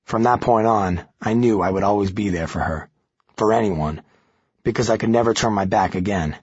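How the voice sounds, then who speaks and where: A man narrating a first-person thriller audiobook in a steady, gritty way. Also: on the low side, normal speed, slightly rough, no echo, lo-fi sound.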